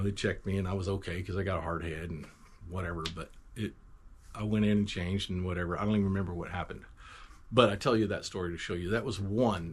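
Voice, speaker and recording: A man's voice: sits low, vocal fry, breathy edge. A man telling a personal Christian testimony story in a rambling, emphatic way, with many restarts and asides.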